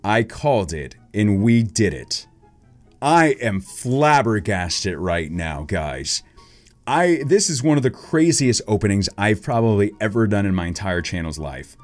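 Low-voiced guy ripping card packs, super animated, swings all over, quiet music under it. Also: measured pace. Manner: excitable, calls out each card, big gasps at rare pulls. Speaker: card-opening YouTuber. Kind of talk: excited unboxing commentary.

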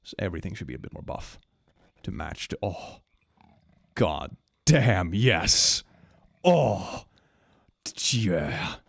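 A man streaming a game, commenting casually and excitably, swinging between gushing and mumbling with frequent laughs. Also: low-pitched, measured pace, gravelly, long pauses, no echo, clean studio sound.

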